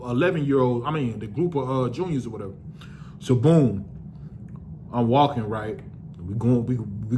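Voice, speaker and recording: A man's voice: mid-range voice, a little mellow, slight background noise. A young man casually telling a personal story to the camera, loose and profane, with lots of restarts.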